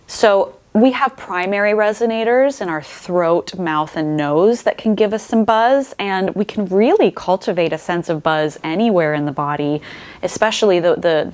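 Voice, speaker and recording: Woman, voice coach, lowish pitch, clear explanatory lesson delivery. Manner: explains clearly, shifts voice to demonstrate. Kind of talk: instructional talk to camera.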